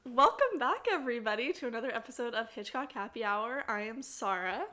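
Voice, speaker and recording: A woman's voice: fairly high pitch, lively intonation, a little fast, bright, forceful tone, soft background music. A young woman co-hosting a podcast in casual chat, bubbly and laughing often, with lots of fillers. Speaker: podcast co-host.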